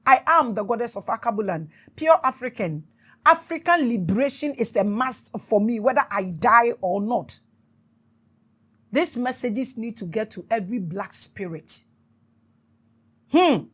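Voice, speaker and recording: A woman's voice: on the high side, expressive, a little slow, fairly bright tone, husky. A middle-aged Ghanaian woman hosting a spiritual talk show, speaking in an impassioned, repetitive, declaiming way. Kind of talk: spiritual talk mixing English and Twi.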